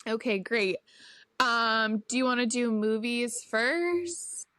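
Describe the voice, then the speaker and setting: Slow-talking woman podcast co-host. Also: fairly high pitch, animated, sharp tone, clean tone, dry recording. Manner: unhurried, reacts with short quips. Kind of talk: casual chat.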